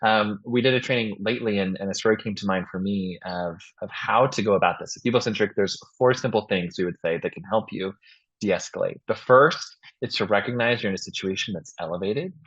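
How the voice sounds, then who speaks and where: A man's voice: on the low side, brisk, husky. A man hosting a podcast, telling stories in a casual way and acting out the voices of the people in them. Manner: animated, acts out voices in his stories. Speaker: podcast host. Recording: dull, muffled lo-fi sound.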